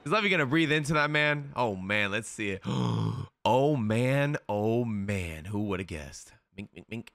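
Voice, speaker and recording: A young man streaming a live anime reaction, excitable and slangy, swearing often as he comments. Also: fairly low pitch, measured pace, vocal fry, few pauses, no echo, clean studio sound.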